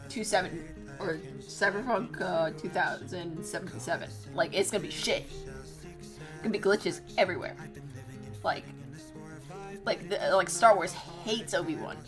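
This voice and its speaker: A young woman streamer chatting casually, telling a story with lots of swearing and laughter and acting out both sides of old arguments in squeaky voices. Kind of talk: casual rambling stream chat.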